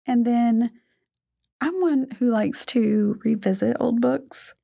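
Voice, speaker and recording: A woman's voice: on the high side, slow pace, vocal fry, warm tone, no echo, clean studio sound. A woman co-hosting an educational podcast, talking in a thoughtful, rambling way with many fillers. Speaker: podcast co-host. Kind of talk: casual educational podcast chat.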